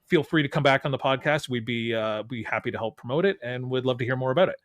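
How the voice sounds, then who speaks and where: A man's voice: medium pitch, quick pace, dry recording, clean studio sound. A man hosting a podcast in loose, rambling casual chat with plenty of filler words. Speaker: host.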